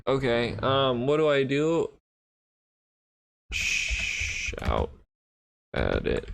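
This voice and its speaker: A man playing a text adventure game, reading its lines aloud and adding wry, deadpan comments on a close mic. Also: mid-range voice, very slow, gravelly, slight background noise. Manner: wry, deadpan, bursts into laughter. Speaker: gaming YouTuber.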